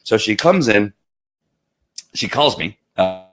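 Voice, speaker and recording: Guy with a lowish voice rambling through a story to camera, lots of asides. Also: expressive, slow pace, fairly bright tone. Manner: rambling, with frequent restarts and asides. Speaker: vlogger. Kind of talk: casual storytelling monologue.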